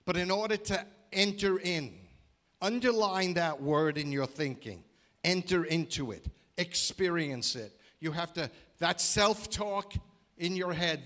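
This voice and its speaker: Guy preaching in church, fairly high voice, punchy, repeats himself in lists, keeps asking the crowd stuff. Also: measured pace, fairly bright tone. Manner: emphatic, repeats phrases in rhythmic lists, asks the congregation questions. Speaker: guest preacher. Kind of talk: sermon. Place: church sanctuary.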